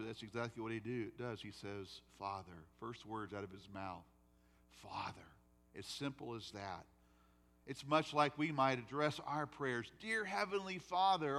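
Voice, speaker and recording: A pastor preaches in a church, his voice bright and forceful and a bit higher than most men's. He tells his story by moving from loud, emphatic lines to soft, hushed ones. A long reverb from the sanctuary trails each phrase. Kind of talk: sermon.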